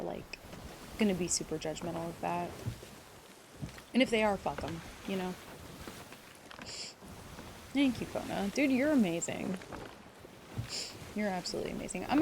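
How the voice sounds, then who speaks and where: A woman's voice: lowish voice, noisy background. A woman streamer chatting casually with her viewers, rambling and swearing freely, teary at moments. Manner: rambling, emotional, swears freely, greets chat by name. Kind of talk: casual live-stream chat.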